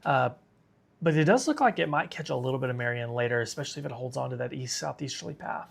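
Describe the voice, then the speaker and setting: A man's voice: mid-range voice, animated, fast talker, gravelly. A man hosting a live severe weather stream, tired and sick, talking casually and reading viewer comments aloud. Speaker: weather livestream host.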